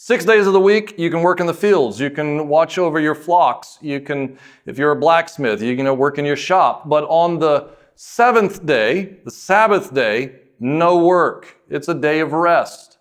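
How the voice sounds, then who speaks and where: A man preaching a sermon as pastor, in a conversational way, asking questions and answering them himself, and slowing down to stress key words. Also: on the high side.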